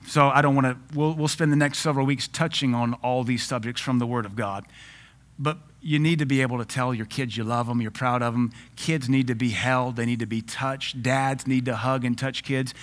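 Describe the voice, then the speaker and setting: A pastor in his forties delivering a sermon, mid-pitched and conversational. He preaches in a lively, joking way, laughing often as he makes his points. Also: brisk.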